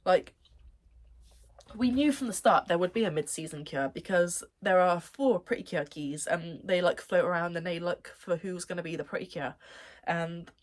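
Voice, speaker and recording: A woman's voice: fairly low pitch, normal speed. A young woman reviewing an anime series in a casual vlog, gushing and rambling, often laughing as she talks, with a slightly dry throat.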